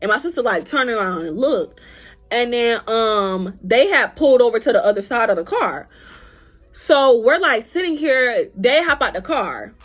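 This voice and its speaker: Lively, high-voiced young woman storyteller. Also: moderate pace. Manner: animated, profane, acts out other people's lines. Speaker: vlogger. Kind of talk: storytime vlog.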